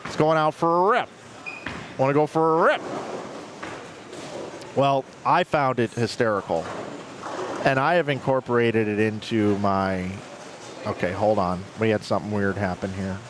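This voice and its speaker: A man's voice: fairly low pitch, moderate pace, noisy background. A man commentating a live bowling stream, rambling through chatty stories between play calls.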